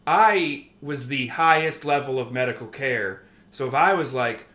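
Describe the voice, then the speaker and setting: A man's voice: mid-range voice, moderate pace, hardly any pauses, echoey room. A man in his thirties, a former army medic, telling stories in casual conversation, swearing freely and acting out quoted exchanges. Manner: profane, animated storytelling that acts out quoted exchanges.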